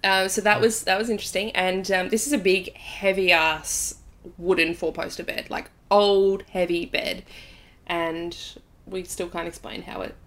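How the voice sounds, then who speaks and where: A woman co-hosting a casual podcast, telling a story in an animated way and often laughing. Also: on the low side, a little slow. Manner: animated, breathless when telling scary parts, laughs often. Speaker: podcast co-host.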